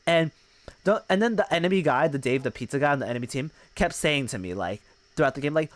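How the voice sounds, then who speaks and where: A man's voice: mid-range voice, animated, fairly quick, no echo. A male streamer telling a gaming story in casual, profane chat, mocking the people he quotes.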